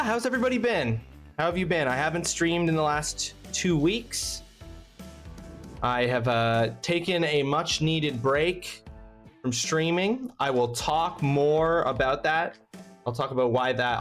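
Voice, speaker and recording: A man's voice: fairly high pitch, fairly bright tone. A man hosting a casual charity stream, rambling and thanking his chat by name, snacking between words. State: eating while talking.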